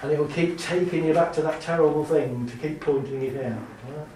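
A man giving a talk to a live audience, lively and chatty, laughing often and acting out little scenes. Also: fairly high pitch, fairly quick, distant mic, slight background noise. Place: large hall with an audience. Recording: very echoey hall, speaker off mic.

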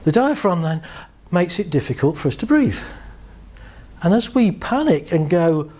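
With a high-pitched voice and an unhurried delivery full of frequent pauses, a male therapist calmly walks a group through a visualization exercise. He lets out light laughs between points.

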